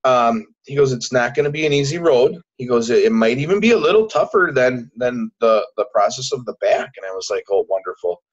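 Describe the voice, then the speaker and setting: A man telling a personal story as a guest in a casual interview, halting and repeating words, acting out what people said. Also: mid-range voice, animated. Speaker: podcast guest. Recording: dull lo-fi recording.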